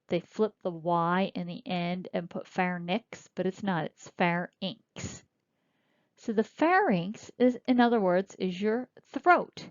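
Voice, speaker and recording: A woman teaching a recorded lecture, explaining slowly and spelling out terms as she points. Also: mid-range voice, no room sound. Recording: dull lo-fi dry recording.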